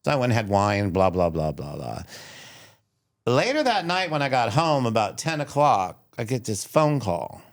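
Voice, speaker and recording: A middle-aged man from the United States, a chef and restaurant owner, telling animated stories in a casual interview and laughing often. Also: mid-range voice, moderate pace. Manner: animated storyteller, laughs often, acts out quoted voices.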